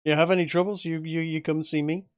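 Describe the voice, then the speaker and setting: A man voicing a friendly male frontier sheriff with a put-on old-time American accent, drawling and halting. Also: a little high, little pitch movement, clean tone, no room sound, dull audio, natural voice. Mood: welcoming.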